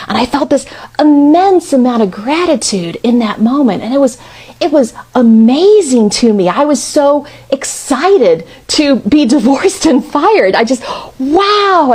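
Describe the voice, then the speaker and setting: Woman, about 50, expressive conversational speaker, voice on the higher side. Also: a little slow, slightly rough. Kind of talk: storytelling talk.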